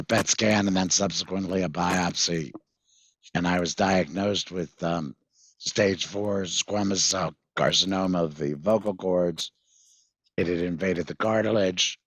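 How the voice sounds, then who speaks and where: A man, a guest in conversation, recounting a personal story in a halting way with many fillers and restarts. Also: low-pitched, steady tone, fairly bright tone, dry recording. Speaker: guest, patient mentor.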